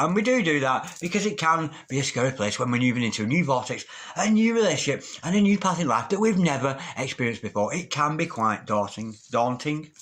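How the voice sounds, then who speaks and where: A man's voice: medium pitch, fairly bright tone. A man giving a tarot reading, chanting repeated invocations and calling listeners darling. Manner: affectionate, calls listeners darling. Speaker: tarot reader. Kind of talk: tarot card reading to camera.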